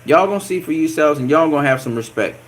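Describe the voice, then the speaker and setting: Male boxing vlogger, animated and profane, casual delivery. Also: on the high side, quick pace. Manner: animated, profane trash-talk with repeated catchphrases and laughs. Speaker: boxing channel host. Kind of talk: casual boxing commentary vlog.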